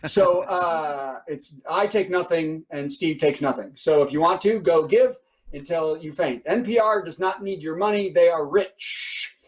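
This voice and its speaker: High-voiced joking male comedy host. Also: unhurried. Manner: rambling, joking, upbeat. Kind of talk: live online comedy show hosting.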